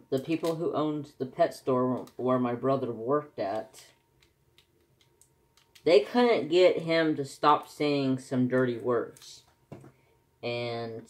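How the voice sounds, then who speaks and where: A man chats at an unhurried pace for his crafting vlog. His talk is folksy and rambling, full of small restarts. His pitch sits in an ordinary middle range. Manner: rambling, folksy, self-correcting. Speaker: crafting vlogger. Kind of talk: casual chat.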